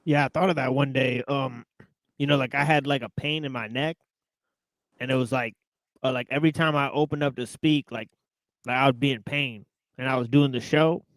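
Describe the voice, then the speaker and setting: A male host of an online talk show speaking hesitantly, with many pauses and ums. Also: medium pitch, steady tone, fairly bright tone, no echo. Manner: hesitant, full of ums and likes. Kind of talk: casual talk show chat.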